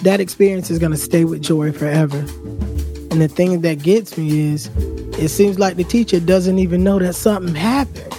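A woman's voice: fairly low pitch, moderate pace, over music. A young adult woman hosting and narrating, speaking in an earnest, protective and emotional way with family. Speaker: host and storyteller.

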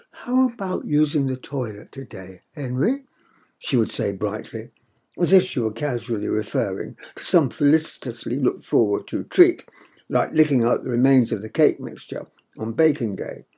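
Gravelly older male narrator. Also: mid-range voice, mellow. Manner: measured, wry storytelling. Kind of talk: audiobook memoir reading.

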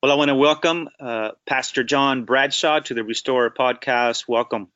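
A man's voice: mid-range voice, normal speed, fairly bright tone, no room sound, muffled recording. An earnest man hosting a faith-centered podcast, speaking in a mid-range voice. He sounds appreciative and sincere as he introduces and draws out his guest. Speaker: podcast host.

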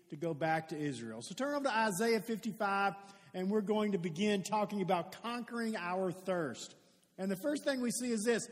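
Man, pastor giving a conversational sermon, very high voice, long church reverb. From Louisville, Kentucky. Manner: conversational, builds to loud emphatic calls. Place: church sanctuary.

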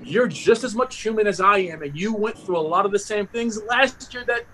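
A man from Maryland hosting a casual podcast interview from home, relaxed and chatty, laughing easily. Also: high voice, fairly quick, a crowd in the background, rough recording. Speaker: podcast host.

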